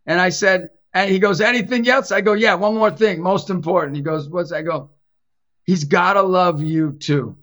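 High, bright-voiced man telling animated stories. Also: normal speed, muffled recording. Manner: animated, acts out quoted voices in his stories. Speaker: Catholic evangelist and youth basketball coach. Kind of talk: casual storytelling in a podcast chat.

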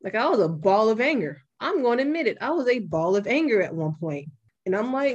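A young woman hosting a podcast, talking bluntly and with plenty of swearing in a casual, animated way. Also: fairly high pitch, brisk, slightly rough, muffled recording. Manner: blunt and profane, animated retelling. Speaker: podcast host.

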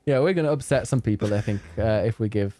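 A man from England co-hosting a casual chat, making dry, teasing, deadpan quips. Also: lowish voice, quick pace, very noisy. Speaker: podcast co-host.

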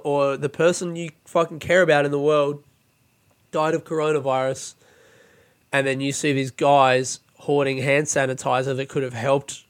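A young man hosting a podcast, telling a story in a casual, profane, animated way and laughing as he goes. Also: on the high side, clean tone. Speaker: podcast host. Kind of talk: casual monologue.

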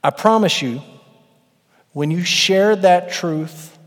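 Male pastor in his thirties, slightly raised pitch, earnest sermon delivery, reverberant church room. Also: slow. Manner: earnest, building to emphatic peaks. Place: church sanctuary. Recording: long hall reverb.

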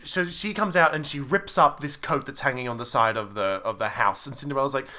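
A man co-hosting a podcast, chatting casually about theatre shows and acting out lines in quick put-on voices. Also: medium pitch. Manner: animated, acts out lines in quoted voices. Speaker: podcast co-host. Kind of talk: casual chat reviewing theatre.

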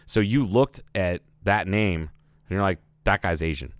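A man's voice: sits low, unhurried, no room sound. A man co-hosting a podcast, telling stories in casual chat, quoting people and swearing freely. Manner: storytelling, quotes people, swears. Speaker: podcast co-host. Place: podcast studio.

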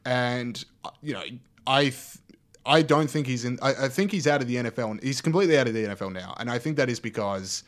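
Young man, podcast co-host, rapid animated delivery, mid-range voice. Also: mid-range voice. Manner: quick, animated, chatty with laughs. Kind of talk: casual political chat.

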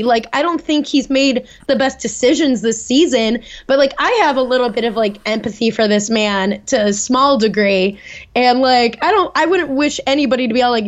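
Animated young woman, dull lo-fi sound. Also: a little high, moderate pace. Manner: animated, swearing, acting out quotes. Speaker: podcast co-host. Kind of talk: casual chat recapping a reality show.

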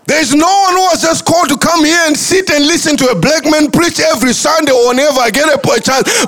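A man's voice: very high-pitched, fairly quick, few pauses, fairly bright tone. A man preaching a sermon as pastor, impassioned and sing-song, often repeating his words. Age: adult, married.

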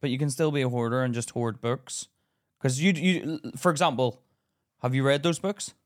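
A man's voice: mid-range voice, moderate pace. A man co-hosting a casual podcast, teasing and blunt, swearing freely. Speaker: podcast co-host. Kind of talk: casual chat.

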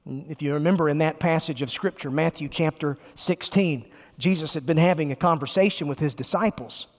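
A pastor, a man, preaching a sermon emphatically and slowing down to stress key words. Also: on the high side. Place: large church sanctuary. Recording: long reverb of a large church.

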